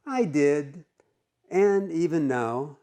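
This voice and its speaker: A man's voice: fairly high pitch, expressive, very slow, dark tone, clear, resonant tone, voice pushed up, full character voice. A male teacher reading the lines of a proud, grumpy old man who bristles at criticism. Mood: pompous. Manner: huffy, pompous.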